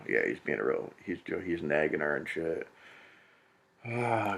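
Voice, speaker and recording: Gravelly low-voiced man, crude and exasperated. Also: sing-song, a little slow, long pauses, a bit bright. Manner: profane, exasperated, mocking. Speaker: comedic reader. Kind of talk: comedic read-aloud with crude commentary.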